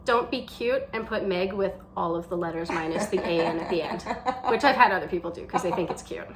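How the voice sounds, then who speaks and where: A woman guest in a casual chat, talking in a warm, animated, playful way. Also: lowish voice, fairly quick, noisy background. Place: indoors by a large window.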